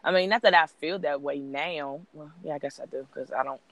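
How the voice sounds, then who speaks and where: A woman's voice: low voice, normal speed, no room sound. A woman talking in a reflective, encouraging way, recorded dry and close. Her phrasing stretches out as she thinks aloud. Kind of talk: casual chat.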